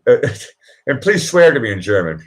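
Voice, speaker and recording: A man's voice: medium pitch, big pitch swings, moderate pace. A man hosting a casual live chat, telling rambling stories with frequent laughs and fillers. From Boston. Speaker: live stream host. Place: indoors at home.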